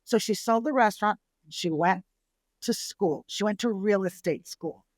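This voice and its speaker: A middle-aged woman from San Antonio, Texas, a restaurateur telling her family's history in a relaxed interview, lively and acting out the people she quotes. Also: mid-range voice, moderate pace, no echo. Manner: lively storyteller who acts out family quotes. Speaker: restaurateur guest. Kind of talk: casual storytelling interview.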